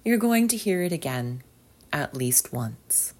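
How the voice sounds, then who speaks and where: Woman with a really low voice, reads poems real slow and thinks out loud between them. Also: sing-song. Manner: unhurried, reflective, conversational. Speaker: podcast host reading poems. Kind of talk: poetry reading with reflective commentary.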